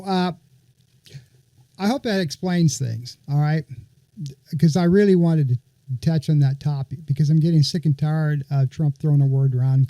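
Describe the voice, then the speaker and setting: A man hosts a political podcast, walking listeners through a topic with conversational sarcasm. His voice sits on the high side and sounds mellow, and the recording is dry.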